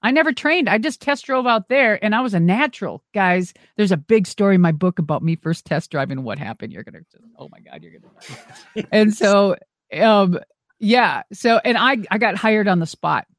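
A middle-aged woman, a former wrestler and monster truck driver, telling animated stories as a guest and swearing freely. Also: medium pitch, normal speed, no room sound. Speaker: interview guest. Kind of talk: casual storytelling.

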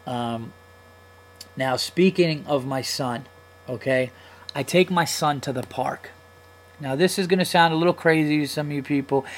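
A man's voice: mid-range voice, rough recording. A man in his thirties hosting a comedy podcast, telling a long story in a casual, profane, heated way. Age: 30s. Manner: profane, heated, animated retelling.

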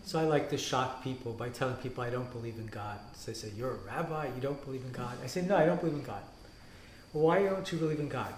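A rabbi, a man, talking on a panel in an animated way and acting out the quotes he tells. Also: medium pitch, quick pace, a little hiss or hum. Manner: animated storytelling, acts out quotes. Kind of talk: panel discussion talk. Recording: roomy echo.

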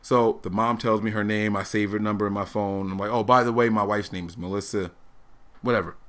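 A man in his thirties telling a family story on a casual talk show, animated and laughing often as he acts out the people in it. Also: on the low side, fairly quick. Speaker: podcast host telling a story.

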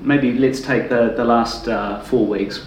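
A man hosting a casual interview, friendly and halting, with many fillers. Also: medium pitch, fairly even intonation, a little hiss or hum. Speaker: interviewer, host. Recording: echoey room with faint music.

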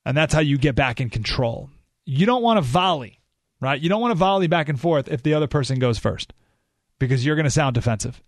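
A man's voice: on the high side, expressive, a little fast, no echo. A man hosting a radio talk show, giving an emphatic, opinionated monologue full of rhetorical questions, recorded in a studio.

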